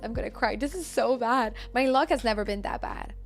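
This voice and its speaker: A woman's voice: a little high, a little fast, creaky, faint music behind. A woman streaming a game, chatting casually with viewers, apologetic and laughing often. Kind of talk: casual live-stream chat.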